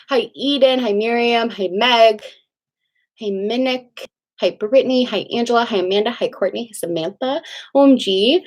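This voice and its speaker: A woman's voice: fairly high pitch, moderate pace. A young woman hosting a casual livestream from home, bubbly and gushing as she greets viewers and chats with lots of fillers. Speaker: livestream host.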